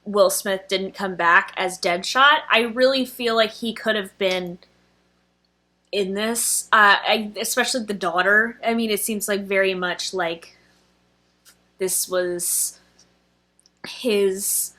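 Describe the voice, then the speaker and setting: Bright, chatty young woman film reviewer. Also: medium pitch, slow. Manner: gushing, emotional, chatty with fillers. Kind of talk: casual chat.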